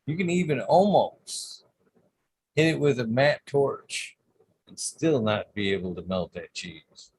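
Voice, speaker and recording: A man in a casual podcast chat, musing in a low-key way. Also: animated, takes it slowly, slightly rough, low-quality recording. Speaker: podcast panelist.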